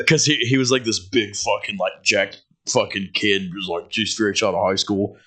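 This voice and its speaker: A man's voice: on the low side, moderate pace. A man co-hosting a podcast, telling crude workplace stories with lots of laughter and acted-out quotes. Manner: animated, profane, laughs often, acts out quotes. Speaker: podcast co-host. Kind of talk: crude casual storytelling.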